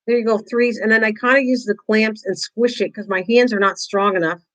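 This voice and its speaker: A woman's voice: medium pitch, steady tone, fairly quick, a bit bright, rough recording. An older woman hosting a casual live-stream craft tutorial, chatting with viewers, teasing them and laughing often.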